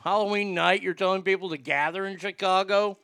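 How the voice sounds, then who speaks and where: Male talk host, casual, blunt, sarcastic, smooth voice, dry sound. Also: high voice, fairly even intonation, brisk, sharp tone, no echo. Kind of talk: casual opinionated chat.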